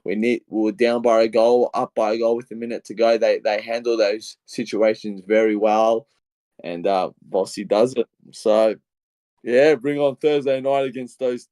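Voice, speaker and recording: A young Australian man with an Australian accent, co-hosting a casual football podcast and telling a long, excitable story full of re-enacted quotes. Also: fairly low pitch, normal speed, dry recording. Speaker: podcast co-host. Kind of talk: casual footy podcast chat.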